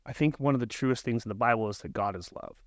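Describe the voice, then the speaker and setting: A man talks earnestly and reflectively as a podcast guest, often restarting his sentences. His voice sits at an ordinary middle pitch, and the studio sound is dry and close. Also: quick pace, no echo. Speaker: podcast guest, life coach. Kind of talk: casual podcast conversation.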